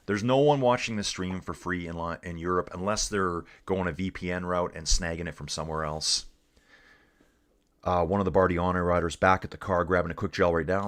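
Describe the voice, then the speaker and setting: Man, very low pitch, laid-back, calls people dude, casual live stream commentary. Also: a bit bright. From Canada. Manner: laid-back, calls everyone dude, reads chat aloud.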